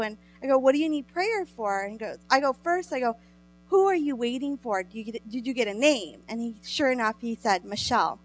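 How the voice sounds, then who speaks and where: A woman telling a lively story to a congregation, acting out the voices of the people in it and laughing often. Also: a little high. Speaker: speaker sharing a testimony. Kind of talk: animated testimony to a congregation.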